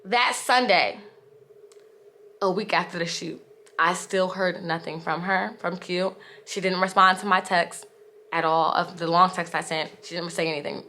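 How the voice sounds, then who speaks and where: A woman's voice: lowish voice, a little slow, bright, forceful tone, a little hiss or hum. A young woman telling a storytime vlog, candid and exasperated, with frequent "like" fillers. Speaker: vlogger.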